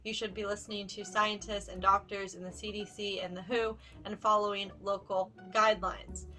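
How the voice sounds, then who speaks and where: A woman's voice: mid-range voice, flat delivery, normal speed, pushed and bright. A young woman vlogger telling a storytime in a chatty, sarcastic way, full of "like", with faint music behind. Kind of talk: casual storytime.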